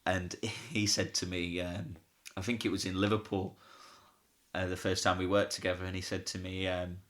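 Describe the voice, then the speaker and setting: This man talks in a bright, forward voice. He tells backstage stories as a pantomime comic in a relaxed interview, chatty and quick to laugh, slipping into the voices of the people he quotes. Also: low voice. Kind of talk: casual storytelling interview.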